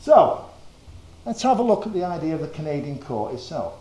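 A man from northern England giving a history lecture, measured and full of small fillers. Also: on the high side, very animated, dark tone, roomy sound, a little hiss or hum. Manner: measured, with frequent uh fillers and quoted passages. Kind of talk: lecture presentation.

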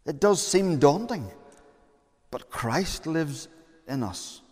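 A man's voice: on the high side, animated, slow, a little mellow, slightly rough. A man preaching a sermon as pastor, earnest and conversational, with fillers and repeated phrases. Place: church. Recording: long church reverb.

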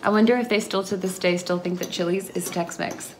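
A woman's voice: fairly low pitch, a little fast. A woman, a mother, chatting and telling stories with lots of giggles in a casual home vlog. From Texas. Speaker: family vlogger, mother. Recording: home video with steady background noise.

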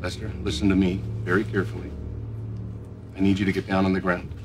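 An actor playing a calm, firm small-town police chief giving orders in a TV drama. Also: male voice, deep voice, fast, noisy background, natural voice.

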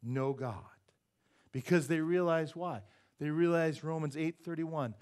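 A male pastor preaching a sermon in church, animated, firing rhetorical questions at the congregation and dropping joking asides. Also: a little high, measured pace, smooth. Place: church sanctuary.

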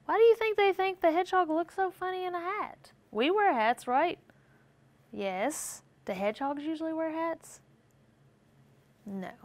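A very high-pitched woman reads a picture book to young children at a measured pace, with no room sound. She keeps it animated, asking them questions and answering for them.

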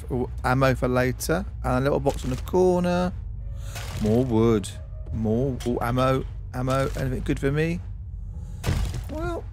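A man's voice: mid-range voice, a little mellow. Chatty man doing let's-play commentary. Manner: chatty, talks to himself and to objects in the game. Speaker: game streamer.

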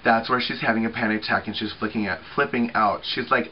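A man's voice: lowish voice, a little fast, hardly any pauses, muffled recording, slight background noise. A man in his thirties chatting casually to camera for a group channel, talking freely with lots of swearing and filler words. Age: 30s. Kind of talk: casual weekly video chat.

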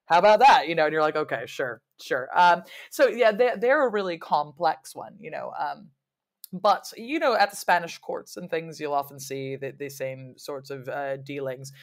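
In a casual interview, a guest who is a woman historian living in London talks with animation and plenty of digressions, punctuated by quick laughs and playful mock quotes. Her voice sits low.

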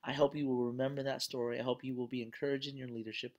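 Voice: medium pitch, little pitch movement, very fast, a little mellow, muffled recording. Instructor finishing up a class, tells a story casually, lots of um and uh, earnest and encouraging. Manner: conversational storytelling with fillers. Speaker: course instructor. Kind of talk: closing lecture with a story.

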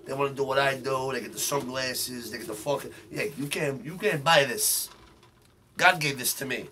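A man puts on a cocky New tough guy who boasts and threatens in a brash comedic monologue. His voice sits at an ordinary male pitch, loud and swaggering. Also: moderate pace, a little hiss or hum. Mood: ranting. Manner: boastful, profane, shouting rants. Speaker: comedic character host.

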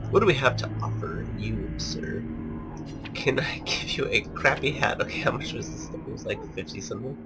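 A man hosting a let's play in casual, joking commentary, with a raspy voice from a sinus cold. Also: mid-range voice, expressive, moderate pace. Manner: joking, chatty. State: congested from a sinus illness. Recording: voice over game music.

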